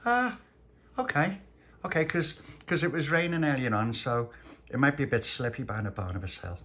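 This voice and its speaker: A man's voice: mid-range voice, animated, normal speed, sharp tone, voice pushed up. Man doing a chirpy little girl.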